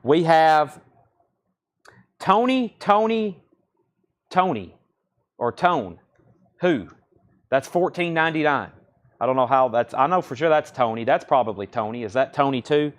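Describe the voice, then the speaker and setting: A man hosting a live-streamed record sale, reading out titles, prices and bids in brisk auctioneer-style calls. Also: medium pitch. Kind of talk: live-stream sales patter.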